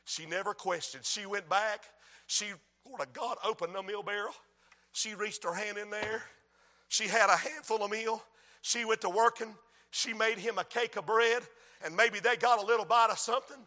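High, bright preacher in a hall. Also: male voice, moderate pace. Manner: swings from hushed storytelling to shouted refrains. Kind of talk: sermon.

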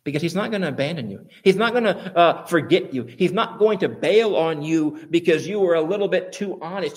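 A man's voice: on the high side, animated, fairly quick, few pauses. A male preacher delivers a sermon in a somewhat raised voice. He presses his listeners with rhetorical questions and swells in volume on the points he wants to land.

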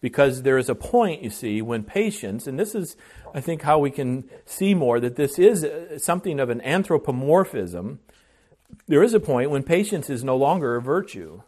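A man's voice: mid-range voice, big pitch swings, normal speed, a little mellow. Earnest male preacher delivering a sermon. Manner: earnest preaching with frequent restarts, swells in volume on key phrases. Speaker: pastor.

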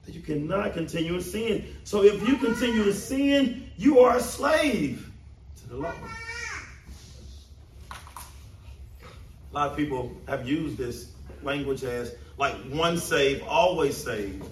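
Male pastor mid-sermon, higher voice, emphatic and repetitive, picked up from a distance. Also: big pitch swings, slow pace, long pauses, a little hiss or hum. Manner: emphatic, repeats phrases for stress. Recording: roomy, distant mic, faint ambience.

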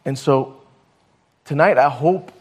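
A man's voice: mid-range voice, slow, husky. A man preaching a sermon, telling a story and stumbling over his words now and then. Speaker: pastor.

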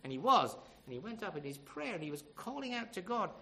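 A man's voice: sits high, very animated, fairly quick, creaky, pushed and bright, low-quality recording. A man preaching a sermon in an emphatic, storytelling way, with frequent rhetorical questions to the congregation.

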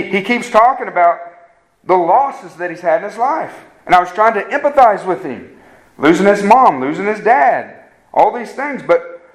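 High-pitched guy preaching, earnest, keeps asking okay?, restarts his words a lot. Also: rough recording. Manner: earnest, emphatic, often checks in with "okay?"; repeats words when starting sentences. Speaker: pastor. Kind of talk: sermon.

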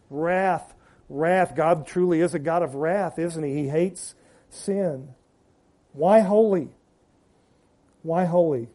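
A man's voice: high voice, dark tone. A man preaching a sermon to his congregation, building emphasis on repeated words and letting phrase ends drop away. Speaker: pastor.

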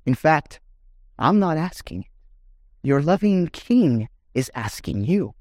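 Slow, earnest male preacher with a dry sound. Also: fairly high pitch, big pitch swings, darkish tone, no room sound. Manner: earnest preaching, rising to emphatic questions. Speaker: pastor. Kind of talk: sermon.

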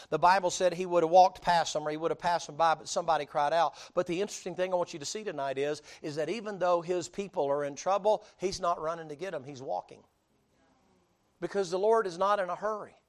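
Southern preacher guy cracking jokes, folksy sayings, pretty high voice. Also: brisk, darkish tone. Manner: folksy, joking, full of homespun sayings. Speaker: pastor. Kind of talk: sermon.

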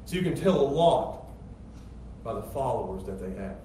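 A middle-aged pastor preaching a sermon with emphatic, rising rhetorical questions. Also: male voice, mid-range voice, big pitch swings, normal speed, mellow. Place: church sanctuary. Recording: very echoey church hall, distant mic, faint noise.

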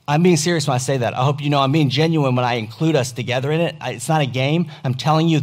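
Man pastor, earnest and emphatic sermon in church, mid-pitched voice. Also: a little fast. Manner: earnest, emphatic, plain-spoken. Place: church service.

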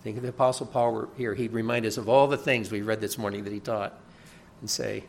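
A man's voice: lowish voice, fairly even intonation, fairly quick, vocal fry. A man preaching a sermon as a pastor, earnest and emphatic, often repeating a word as he builds a point. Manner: earnest preaching with rising emphasis, occasional chuckles and repeated words.

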